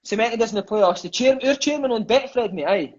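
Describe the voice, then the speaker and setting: A man's voice: high-pitched, brisk. A Scottish man in his thirties telling rowdy stories from his football career in casual interview chat, swearing and calling his host mate. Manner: animated, swearing, peppers lines with "mate". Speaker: interview guest, former footballer. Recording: dull lo-fi sound.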